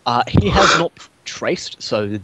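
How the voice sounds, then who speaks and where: A man's voice: mid-range voice, slow, husky. A man running a tabletop role-playing game as game master, narrating events with frequent swearing and laughter. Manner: animated, swears often, laughs a lot.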